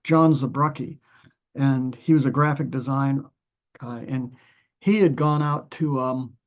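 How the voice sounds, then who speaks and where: A man's voice: medium pitch, dull audio. An older man from Ohio, a musician guest telling long stories full of restarts and fillers, acting out other people's lines as he goes. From Ohio, USA. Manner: rambling anecdotes with many restarts and fillers. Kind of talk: conversational storytelling.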